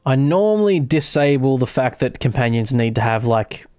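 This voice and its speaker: A man's voice: mid-range voice, animated, normal speed, a little mellow, clear, resonant tone, no room sound. Guy rambling on a game stream, mid voice, dry close mic, bit of music under it. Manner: rambling, chatty, self-interrupting. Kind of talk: casual live gameplay chat.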